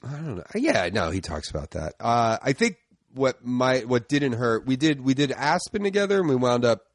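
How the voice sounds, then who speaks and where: A man's voice: medium pitch, big pitch swings, moderate pace, no echo, studio quality. A middle-aged man, a comedian guest, talking in casual chat, laid-back and trailing off into fillers, with some swearing. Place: indoor studio room.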